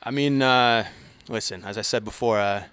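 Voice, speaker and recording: A man co-hosting a podcast in casual sports chat, talking hesitantly with many pauses and restarts. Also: mid-range voice, fairly bright tone, clear, resonant tone, no echo, clean studio sound. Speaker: podcast co-host.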